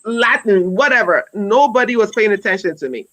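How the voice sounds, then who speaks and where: Recorded in poor audio, a fortyish woman speaks at medium pitch with lively intonation, normal speed and a fairly bright tone. She's an educator telling an earnest, conversational story on a wellness talk, often restarting and repeating herself. At the end she spurs listeners on.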